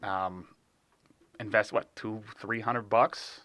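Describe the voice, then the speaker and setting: Podcast co-host: young man, bright and forward voice, dry profane asides, dry close sound. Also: lowish voice, fairly even intonation, takes it slowly, no room sound. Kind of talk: casual chat. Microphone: studio mic.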